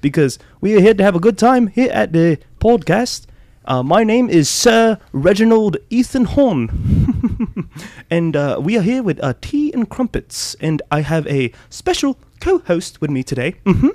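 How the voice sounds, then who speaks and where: A man voicing a pompous upper-class English gentleman host in a mock English accent, rambling and hammy. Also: high-pitched, sing-song, a little slow, dry recording, voice pushed up.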